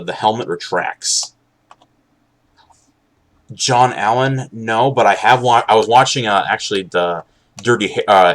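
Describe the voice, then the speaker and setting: A young man chatting casually while live streaming, rambling and halting with many restarts and an occasional sarcastic aside. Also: on the low side. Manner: candid, sarcastic at times.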